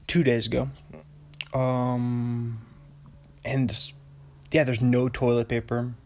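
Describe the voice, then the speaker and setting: A young man from Western Washington chatting alone in a meandering way, breaking off into tangents and giggly asides. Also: medium pitch. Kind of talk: rambling solo casual chat.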